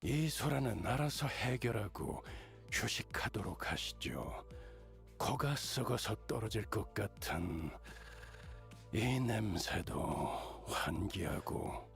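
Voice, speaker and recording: Brief: a curt, formal commander, gravelly, rapid delivery, game music under. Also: male voice, fairly low pitch, animated. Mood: stern.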